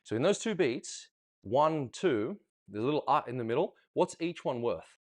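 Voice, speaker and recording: A man's voice: mid-range voice, expressive, normal speed, a little mellow. Chatty male dance coach scatting beats. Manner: chatty, counts rhythms aloud, scats beats. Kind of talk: casual online dance lesson.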